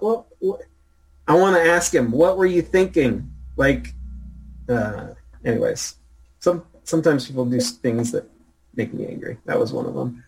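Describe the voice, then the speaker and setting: A man leads a relaxed chat about a film, his voice sitting a little high and unhurried. He talks in halting, searching bursts, restarting his sentences and laughing easily. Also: poor audio. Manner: hesitant, halting, laughs often. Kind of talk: casual chat.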